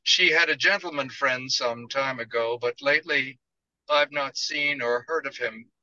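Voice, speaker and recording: Man, author reading his own novel, first-person narration, measured storytelling, very bright tone, dry dull lo-fi sound. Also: medium pitch, no room sound.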